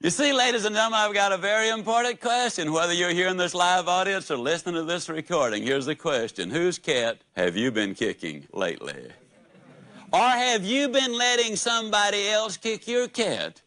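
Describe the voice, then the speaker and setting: A man's voice: high voice, expressive, moderate pace, pushed and bright, no room sound. A man giving a live motivational speech, telling folksy stories and asking the audience questions. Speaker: motivational speaker.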